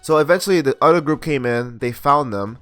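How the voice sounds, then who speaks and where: A man's voice: medium pitch, brisk, a bit bright, faint music behind. A young man recapping and reviewing an anime episode in a casual, rambling way, full of slang and restarts.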